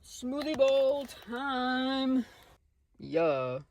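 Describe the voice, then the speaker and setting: A woman's voice: sits high, sing-song, drawn-out words, background noise. Bubbly, gushing young woman vlogging. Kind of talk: casual vlog chat to camera. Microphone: phone camera.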